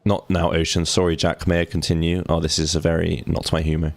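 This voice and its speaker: Young male streamer, low voice, dry jokey commentary over gameplay. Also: flat delivery, fairly quick, gravelly, dry recording. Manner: joking, sarcastic asides while reading. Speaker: gaming streamer. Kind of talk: casual let's-play commentary, reading game text aloud.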